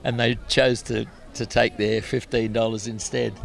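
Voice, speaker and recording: A man's voice: medium pitch, little pitch movement, moderate pace, creaky. Older aussie guy chatting outdoors, telling old music stories, laughs at himself. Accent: Australian. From Australia. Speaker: guest musician. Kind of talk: casual interview storytelling.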